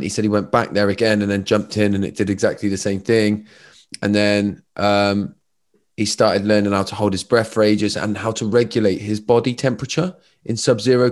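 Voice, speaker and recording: Podcast guest, man with a low voice, chatty and animated. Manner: animated storyteller, lots of fillers. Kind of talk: casual chat.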